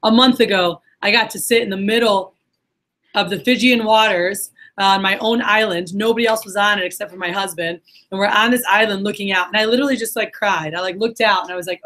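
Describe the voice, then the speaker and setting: A young woman giving a motivational sales workshop talk, chatty and excited, full of "like" and "you know". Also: mid-range voice, fast talker, rough recording. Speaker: sales trainer. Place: conference room.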